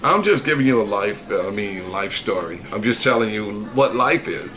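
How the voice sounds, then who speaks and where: A man's voice: on the low side, expressive, moderate pace, pushed and bright. A middle-aged American man co-hosting a casual reaction chat, telling folksy stories and calling people "brother". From United States. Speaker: co-host, the dad.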